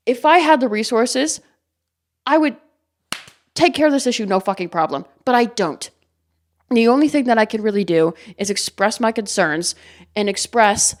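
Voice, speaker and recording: A woman's voice: a little high, animated, normal speed. A woman hosting a solo podcast, rambling and heavily swearing in a heated rant. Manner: rambling with frequent fillers. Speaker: podcast host.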